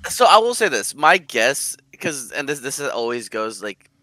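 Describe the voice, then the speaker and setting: A man's voice: mid-range voice, big pitch swings, unhurried, bright, forceful tone, no room sound. A man co-hosting an anime podcast, explaining names and background details in a casual way. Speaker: podcast co-host. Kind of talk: casual chat about anime.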